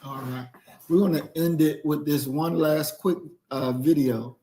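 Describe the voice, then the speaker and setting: Moderating a group discussion, a man with a slightly high, dark-toned voice speaks a little slowly with fairly even intonation. He sounds critical and lecturing, repeating "that's not" again and again.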